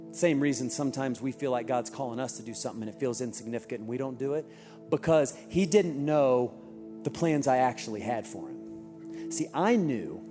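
A man preaching a sermon as pastor in a church, telling stories and asking rhetorical questions. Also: mid-range voice. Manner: storytelling, rhetorical questions, lively delivery. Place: church auditorium. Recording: reverberant hall with music behind.

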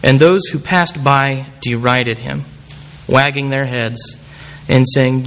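A man's voice: mid-range voice, steady tone, takes it slowly. A man preaching a sermon, reading scripture aloud and calling the congregation forward. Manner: calls the congregation forward at the close.

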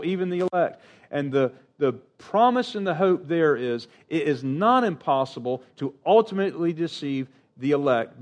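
A middle-aged male preacher with a slightly higher-than-usual voice delivers a sermon. He is earnest and emphatic, jumping up for key points and dropping soft at the ends of phrases. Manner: earnest, emphatic preaching with sudden pitch rises and quiet trailing endings.

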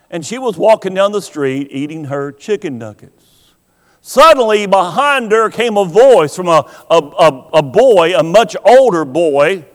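A high-pitched man preaching in a slow, deliberate way. He asks rhetorical questions and leaves dramatic pauses, and his voice rings out with a long hall reverb behind it. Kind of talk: sermon.

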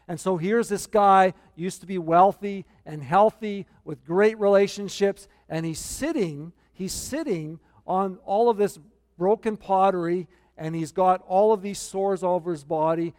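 A man's voice: sits high, darkish tone. A man preaching a sermon as pastor, earnest and repeating key points for emphasis. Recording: long hall reverb.

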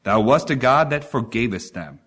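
A man's voice: medium pitch, animated, moderate pace, fairly bright tone, slightly rough. A man preaching a sermon, reading scripture and asking the congregation rhetorical questions with strong emphasis.

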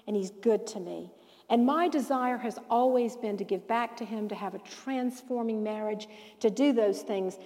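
A woman teaching a Bible lesson to a live audience in a lively preaching style, telling stories and acting out the dialogue. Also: fairly high pitch, big-room sound. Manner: animated storyteller who acts out quoted dialogue.

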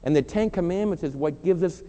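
A man's voice: a little high, fairly quick, mellow. A middle-aged man preaching a sermon as pastor, earnest and emphatic, mixing direct appeals with confessional asides. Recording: long hall reverb, faint hum.

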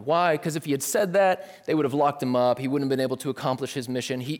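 A male pastor preaching a sermon in a casual, lively way, dropping slang asides. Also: mid-range voice. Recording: long hall reverb.

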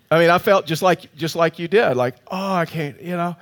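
A man's voice: on the high side, normal speed, a bit bright. A male pastor telling a funny story in his sermon, chatty and self-mocking, often starting again with "and so".

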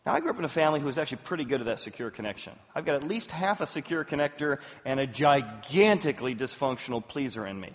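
A man in his forties, a pastor preaching a sermon as an animated storyteller, with big swings in pitch and loudness. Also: fast, hardly any pauses. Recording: roomy hall, dull sound.

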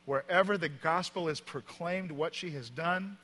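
Bright-voiced man preaching in a reverberant hall. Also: fairly high pitch, moderate pace. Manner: emphatic storytelling, swings from loud to quiet. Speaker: pastor. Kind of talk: sermon. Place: church auditorium.

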